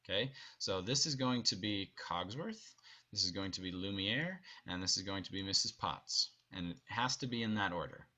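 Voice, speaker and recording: Bright-voiced man directing an online rehearsal. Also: deep voice, expressive, moderate pace. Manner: upbeat, instructive, briefly acts out lines. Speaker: theater director. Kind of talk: online rehearsal blocking instructions. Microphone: video call.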